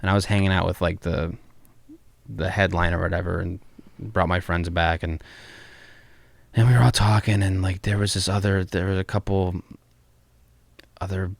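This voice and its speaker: A man's voice: sits low, level tone, moderate pace, vocal fry, pauses often, no room sound. A man hosting a podcast in casual chat, rambling, laughing often and swearing freely. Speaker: podcast host.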